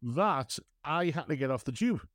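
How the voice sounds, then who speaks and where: A man co-hosting a casual podcast, his pitch running a little high and leaping about animatedly as he spins teasing, comic stories. The sound is dry and close to the mic. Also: animated, moderate pace, a bit bright, dry recording. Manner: playful storyteller, teasing, dips into jokey voices. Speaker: podcast co-host. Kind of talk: casual banter.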